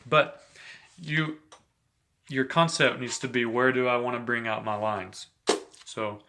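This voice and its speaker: A man giving a relaxed, chatty saxophone lesson, talking between played examples and filling his talk with "you know". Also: medium pitch, unhurried, noisy background. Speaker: saxophone teacher. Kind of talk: casual instructional talk between playing examples.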